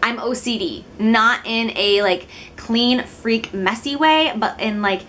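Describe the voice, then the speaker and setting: A woman's voice: fairly high pitch, slow, fairly bright tone, slight background noise. A young woman in her twenties, from Illinois, talking casually to the camera in a chatty, giggly, self-deprecating way. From Illinois, United States. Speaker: beauty vlogger.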